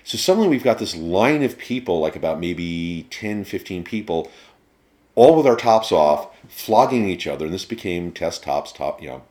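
A man with an extremely low, rumbling voice talks through a casual interview. He tells rambling stories, swears freely, and stumbles through plenty of restarts. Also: animated, normal speed, darkish tone. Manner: rambling, profane storyteller. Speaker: interview guest. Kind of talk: casual conversation.

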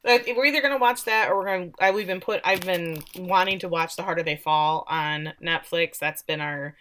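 A woman's voice: fairly low pitch, a little fast, fairly bright tone, a little hiss or hum. A woman co-hosting a casual podcast, chatting and joking about a TV episode and laughing often. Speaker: podcast co-host. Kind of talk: casual TV recap chat.

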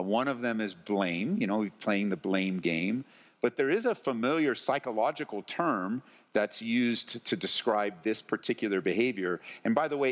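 Man, pastor, sermon, earnest conversational preaching, rhetorical questions, church hall reverb. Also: mid-range voice.

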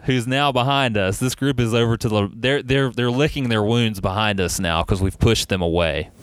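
A man in casual chat, telling an animated, swearing story with laughs. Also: mid-range voice, normal speed, clean tone, no room sound. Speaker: podcast storyteller.

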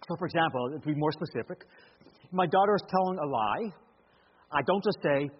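Animated male preacher in a big hall. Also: fairly high pitch, brisk, husky. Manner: animated, acts out parent and child voices. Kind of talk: sermon. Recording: muffled recording in a large reverberant hall.

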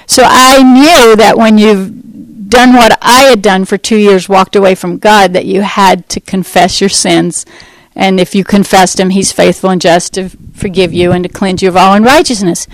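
A woman's voice: medium pitch, steady tone, normal speed, no echo, poor audio. Woman telling a candid faith testimony. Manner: candid, emotional storytelling with frequent laughs. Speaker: testimony speaker.

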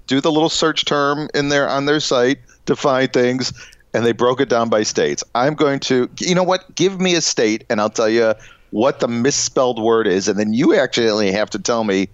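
A middle-aged man co-hosting a casual comedy podcast, rambling and halting with lots of fillers and chuckles. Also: mid-range voice, clean tone, dry recording. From Illinois. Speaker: podcast co-host. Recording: dull, dry lo-fi podcast audio.

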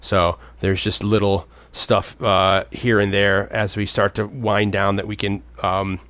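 A man's voice: flat delivery, measured pace, fairly bright tone, no room sound. Chatty man retelling a movie plot. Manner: rambling, acts out characters in jumps of pitch. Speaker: podcast co-host. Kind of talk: casual movie discussion.

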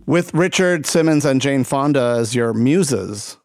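A man's voice: mid-range voice, animated, a little slow, a little mellow, no echo, studio quality. A man hosting an interview podcast, asking questions in a playful, theatrical, joking way. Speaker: podcast host. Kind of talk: casual interview chat.

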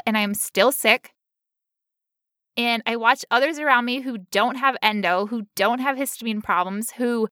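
A woman's voice: a little high, pushed and bright, no room sound, studio quality. A young woman co-hosting a podcast, talking candidly and emotionally, with frequent laughs. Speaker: podcast co-host. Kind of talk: personal, emotional podcast talk.

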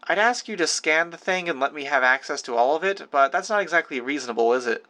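A wry, knowing young woman speaks in quick, teasing lines, pitched up by a male audiobook narrator, always sure of herself. Her voice sits noticeably higher than the reader's own. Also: expressive, sharp tone.

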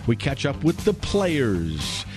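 A man's voice: medium pitch, huge pitch swings, takes it slowly, music in the background. A man hosting a live radio sports show from a studio, chatty and folksy with lots of fillers.

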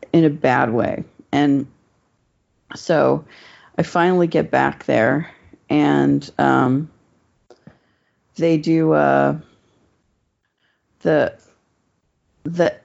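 A woman's voice: sits low, vocal fry, a little mellow. A woman telling a personal story in casual chat, rambling and swearing, with many fillers. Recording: dull lo-fi recording.

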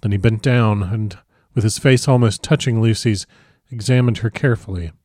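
A man narrating a classic novel as an audiobook, with a measured, expressive reading. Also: fairly low pitch, dry recording, studio quality.

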